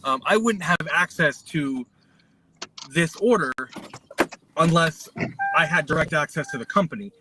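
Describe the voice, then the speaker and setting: A man's voice: on the high side, measured pace, long pauses, noisy background. A man who works as a delivery driver, chatting casually while he drives, thinking aloud with plenty of fillers. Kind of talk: casual chat while driving.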